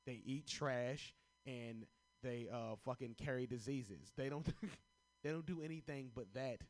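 A man's voice: mid-range voice, measured pace. A young man from Chicago doing stand-up comedy, telling profane stories and laughing at his own jokes as he answers prompts pulled from a hat.

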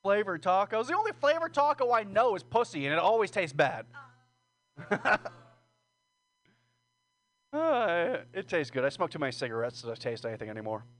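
A man's voice: high-pitched, big pitch swings, moderate pace, pauses often, a bit bright. A man doing a rambling, profane, self-deprecating stand-up set at an open mic. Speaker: stand-up comedian. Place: small comedy room with audience.

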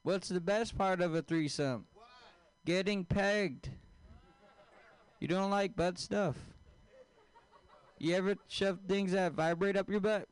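Slow-talking high-voiced male comedian. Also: smooth. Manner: deadpan, crowd-work questions, crude jokes. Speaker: stand-up comedian. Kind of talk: stand-up comedy set.

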